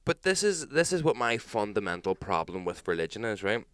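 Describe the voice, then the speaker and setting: A Northern Irish man co-hosting a casual podcast chat, telling animated stories, swearing freely and mimicking people loudly. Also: on the low side, brisk, clear, resonant tone, no room sound, clean studio sound. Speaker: podcast co-host.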